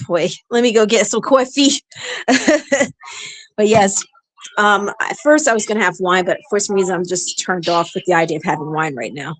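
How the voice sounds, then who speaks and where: A woman's voice: medium pitch, no room sound. Tired lady venting on her stream, rambly, lots of ums, dry sound. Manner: rambling, venting, with frequent fillers. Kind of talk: casual chat. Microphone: streaming setup.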